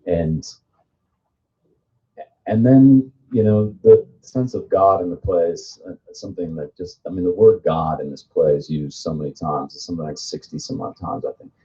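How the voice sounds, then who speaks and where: Low-voiced director, muffled recording. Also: male voice, moderate pace, dark tone. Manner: thoughtful, explanatory, with fillers. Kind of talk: seminar discussion.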